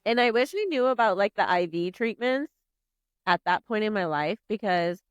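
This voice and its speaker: A woman in her twenties, a podcast guest telling a story in casual chat, animated, swearing freely and saying "like" a lot. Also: mid-range voice, normal speed, smooth, dry recording, dull audio. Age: 20s.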